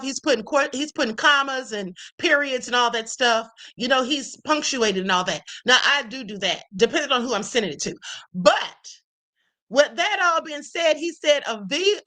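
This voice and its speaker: A woman's voice: high voice, bright, forceful tone, poor audio. A woman hosting a livestream, giving casual commentary as she reads text messages aloud, full of emphatic rhetorical questions. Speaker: livestream host.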